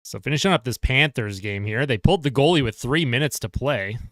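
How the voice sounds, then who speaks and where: A man's voice: mid-range voice, lively intonation, a little fast, fairly bright tone, no room sound, clean studio sound. A man casually commenting on a hockey game on a live stream, reading and answering viewer chat. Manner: chatty, reads chat aloud and answers viewers.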